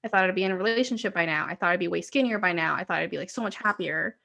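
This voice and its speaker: A woman's voice: fairly low pitch, rapid-fire, gravelly, sharp tone. A woman in her twenties, co-hosting a podcast, telling rambling stories in casual chat with frequent "like". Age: 20s. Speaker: podcast co-host.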